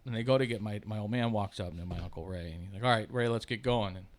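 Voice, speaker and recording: A man, telling rambling, profane stories on a podcast, loud when he laughs and hushed when he turns reflective. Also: on the low side, quick pace, slight background noise. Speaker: podcast co-host. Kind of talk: casual storytelling chat.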